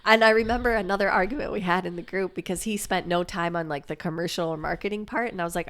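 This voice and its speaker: A woman co-hosting a podcast, chatting casually and telling a lively anecdote, acting out the voices of the people in it. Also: lowish voice, fast talker, few pauses. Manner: animated storyteller acting out quoted voices. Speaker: podcast co-host. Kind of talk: casual chat, storytelling.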